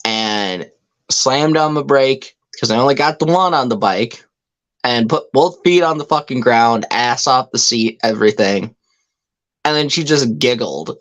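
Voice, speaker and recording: A podcast speaker trading stories in casual chat. The talk is loose and frustrated, full of swearing and restarts. The pitch sits in an ordinary middle range. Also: animated, a little slow, a bit bright. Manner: profane, restarting anecdotes told in a frustrated tone. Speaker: podcast co-host.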